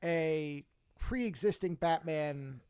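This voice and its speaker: A man's voice: fairly high pitch, very slow, darkish tone, smooth, no echo. A man co-hosting a podcast in casual chat, breaking in with curious questions and stammering restarts. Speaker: podcast co-host.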